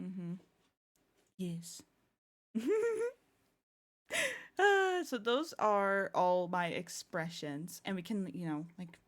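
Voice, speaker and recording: A young woman streamer chatting casually with her viewers, giggling often and gushing. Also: lowish voice. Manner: giggly, laughs often and gushes. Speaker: streamer showing her new avatar. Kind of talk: casual live-stream chat.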